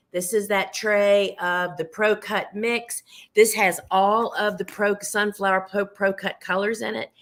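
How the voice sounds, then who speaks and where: Chatty woman, slightly hoarse. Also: medium pitch. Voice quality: chatty, homey, addresses viewers as friends. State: losing her voice. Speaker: flower farmer hosting a live show. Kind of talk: casual live gardening demonstration.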